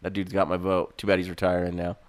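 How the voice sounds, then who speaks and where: Deep-voiced laid-back man. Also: monotone, fast. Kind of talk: casual chat with friends.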